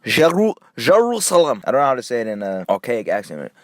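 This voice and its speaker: Animated young man telling a story. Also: fairly low pitch, very fast, dry recording. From Nigeria. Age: young adult. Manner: animated, jumps between hushed asides and excited bursts. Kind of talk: casual story time vlog.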